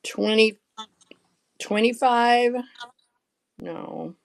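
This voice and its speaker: A woman's voice: fairly high pitch, extremely slow, creaky, low-quality recording. A woman hosting a live sale. She chats casually, laughs often and shows items one by one.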